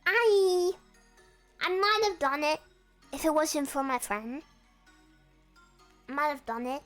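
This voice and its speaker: A woman's voice: high voice, slow, a bit bright, soft background music. A young woman chatting casually and playfully with her viewers on a stream from her room. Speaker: VTuber streamer.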